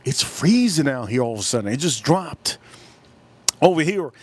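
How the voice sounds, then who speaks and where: A man's voice: medium pitch, sing-song, normal speed, darkish tone, breathy edge. A man with a Miami accent hosting a casual live stream, rambling and stretching his words out as he reads chat. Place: cold room at home.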